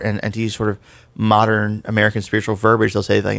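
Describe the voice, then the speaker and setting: Man, podcast co-host, conversational explainer, gravelly fry, dry close sound. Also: fairly low pitch, completely flat delivery, fast, fairly bright tone, no room sound. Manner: conversational, explanatory, self-deprecating jokes. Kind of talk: casual faith discussion podcast.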